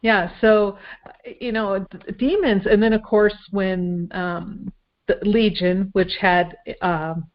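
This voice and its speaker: A woman's voice: medium pitch, fairly even intonation, slow pace. A woman from Minnesota, a guest in a casual conversation, rambling and hesitant with many fillers. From Minnesota, USA. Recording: dull lo-fi audio.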